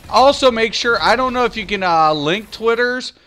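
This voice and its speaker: A man streaming a game, chatting casually and excitedly with his viewers, with lots of restarts and fillers. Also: extremely high pitch, normal speed. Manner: rambling, excitable, talks back to chat. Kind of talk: casual live-stream chat.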